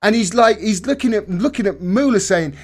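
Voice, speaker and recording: A man hosting a casual political chat, excitable and profane, stumbling through quick restarts. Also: sits high. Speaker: host.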